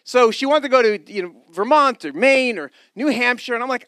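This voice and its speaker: A middle-aged man from New York preaching a sermon with personal testimony. He swings from loud emphatic lines to hushed ones and drops joking, self-deprecating asides. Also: very high voice, animated, brisk, hardly any pauses, dry recording.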